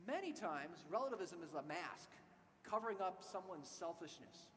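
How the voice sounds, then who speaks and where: A man giving a talk, telling a story with animated, acted-out dialogue. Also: high-pitched, brisk. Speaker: speaker. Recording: reverberant hall, faint hiss.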